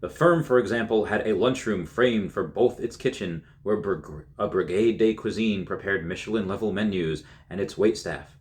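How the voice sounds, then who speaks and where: Reading an article for his YouTube audience, a young man often breaks off from the magazine story to laugh and comment casually. He speaks at normal speed in a lowish voice, barely pausing.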